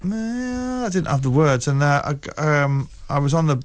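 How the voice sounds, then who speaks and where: A man in his forties chats as a studio guest on a radio show. His voice sits a little high for a man. He tells loose, rambling stories, often restarting his sentences and laughing along the way. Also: sing-song, normal speed. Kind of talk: casual radio chat.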